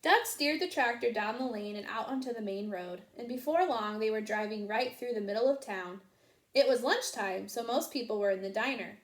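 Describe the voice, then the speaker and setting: A woman reading a children's picture book aloud in an expressive, sing-song storytelling manner. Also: fairly high pitch, moderate pace, slight background noise. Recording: roomy echo.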